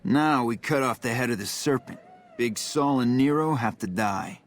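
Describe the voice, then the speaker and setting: An actor playing a scheming mob underling who talks bluntly and conspiratorially. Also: male voice, medium pitch, moderate pace, lightly acted.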